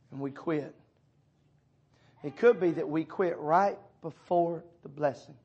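A pastor preaching a sermon in church, speaking directly to members of his congregation, his delivery swinging from loud urging to hushed tones. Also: on the high side, a little slow, long pauses, breathy edge, muffled recording. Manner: addresses listeners by name as brother and sister.

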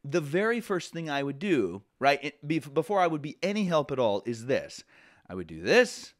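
A man's voice: a little high, sing-song, normal speed. A man teaching a programming lesson in a conversational way, often restarting sentences and adding asides. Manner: conversational, self-correcting, with frequent asides. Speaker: programming instructor. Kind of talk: casual lecture.

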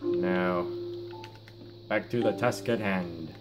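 A man's voice: sits low, slow. A sixteen-year-old boy giving casual, hesitant gameplay commentary, stumbling over his words with many fillers and restarts while his mouth is sore after having his wisdom teeth out. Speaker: gaming YouTuber. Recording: guitar music playing under the voice. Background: guitar music.

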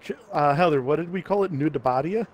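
A man gamer prone to excitable outbursts while chatting on a stream. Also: a little high, fast. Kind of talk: casual gaming chat.

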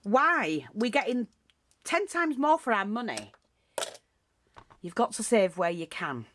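A woman's voice: on the high side, big pitch swings, a little slow, fairly bright tone, no echo. A woman giving a casual, rambling craft tutorial, full of asides and restarts.

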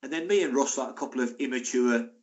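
A man in his sixties recounts his playing days in a loose, chatty manner. His voice sits at an average pitch and he tells anecdotes with animated energy. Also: fast talker. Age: 60s. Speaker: former footballer guest. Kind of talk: casual interview storytelling.

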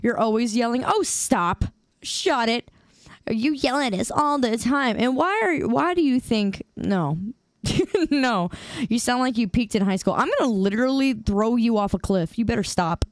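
Young woman streamer, bright higher register, playful mock-outrage at chat, close dry mic. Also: expressive, unhurried, no room sound. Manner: playful, teasing, mock-indignant banter with chat. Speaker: game streamer. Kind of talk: casual live-stream chat. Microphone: desk streaming mic with headphones.

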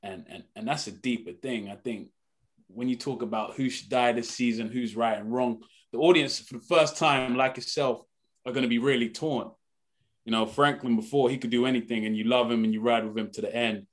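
A young British actor, appearing as a guest on a radio morning show, talks earnestly and animatedly in a casual interview, frequently saying "man." His voice is medium in pitch with fairly even intonation and a brisk pace, recorded in a radio studio.

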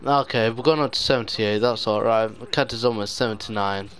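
A man's voice: on the low side, normal speed, fairly bright tone. A young man giving live gameplay commentary, despairing and muttering with sudden outbursts. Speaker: gaming YouTuber.

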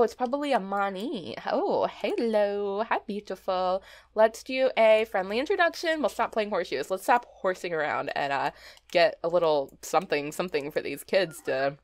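A young woman casually commenting on her gameplay, chatty and easily delighted, laughing often. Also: mid-range voice. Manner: chatty, giggly, exclaims at small things. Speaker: let's play host.

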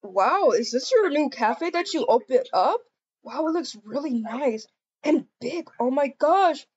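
A woman's voice: sits high, expressive, a little slow, a little mellow, muffled recording. A woman improvising a game role-play, gushing and giddy, with many ums and hesitations.

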